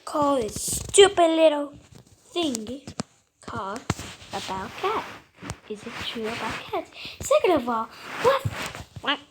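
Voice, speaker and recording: A woman casually reacting to a video, talking in a halting, distracted way. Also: sits high, big pitch swings, noisy background.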